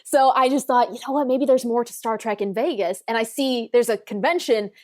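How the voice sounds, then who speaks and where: A woman's voice: on the high side, brisk, a little mellow. A young woman from Iowa, a podcast guest telling stories in a casual interview, laughing often and acting out the voices of the people in them.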